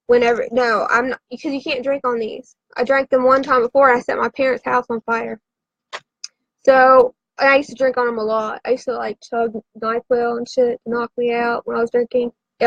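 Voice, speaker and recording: High-voiced, rambling, foul-mouthed woman. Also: no echo, highs cut off. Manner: profane, rambling, frantic storytelling. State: drinking. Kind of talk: rambling confessional chat.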